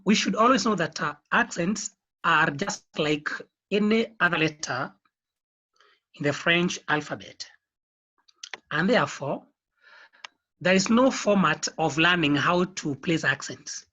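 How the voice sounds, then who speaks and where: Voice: medium pitch, sharp tone, muffled recording. A teacher leading an online beginners' French lesson, explaining patiently and repeating the key points. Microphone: video call.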